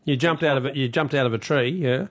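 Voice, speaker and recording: An Australian man hosting a radio talkback show, brisk and chatty as he takes callers. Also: medium pitch. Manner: brisk, chatty, reads out the phone number. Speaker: radio host.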